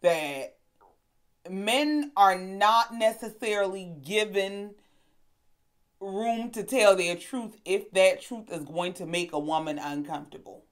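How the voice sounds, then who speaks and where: A woman hosting a casual reality TV recap, telling the story in a sassy, animated way and acting out the quotes. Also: medium pitch, takes it slowly. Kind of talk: casual commentary.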